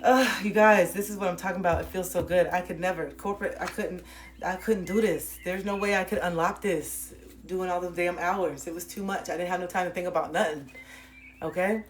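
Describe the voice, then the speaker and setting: A woman's voice: lowish voice, fairly even intonation, a little fast, a little hiss or hum. Blunt, profane woman livestreamer. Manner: blunt, profane, preachy, with frequent laughs. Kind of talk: livestream motivational chat.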